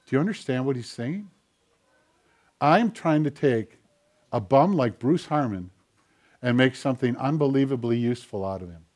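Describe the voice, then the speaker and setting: A man's voice: mid-range voice, animated, moderate pace, pauses often, a little mellow. A man, a pastor, preaching a conversational sermon and acting out quoted dialogue as he goes. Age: older.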